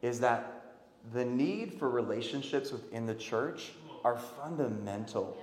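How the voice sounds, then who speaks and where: A man preaching a sermon, swinging from loud emphatic calls to quiet earnest pleas. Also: medium pitch, animated, measured pace. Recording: echoey hall.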